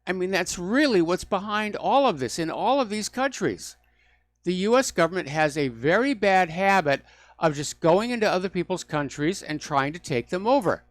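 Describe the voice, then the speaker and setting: A man's voice: high voice, expressive, moderate pace, dry recording. A man hosting a call-in radio talk show, delivering opinionated, mocking rants.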